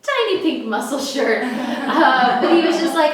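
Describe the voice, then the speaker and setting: A woman from New Mexico performing a stand-up comedy set on a club stage, animated and acting out voices in her stories. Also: sits high, a little slow. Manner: animated, acts out voices in dialogue. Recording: echoey club, far from the mic, crowd noise.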